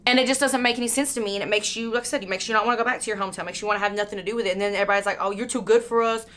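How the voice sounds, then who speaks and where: A woman's voice: mid-range voice, steady tone, racing, a bit bright. A young woman chatting candidly while doing her makeup, swearing freely and filling her talk with "like" and "you know.". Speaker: beauty vlogger. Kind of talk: casual get-ready-with-me chat while doing makeup.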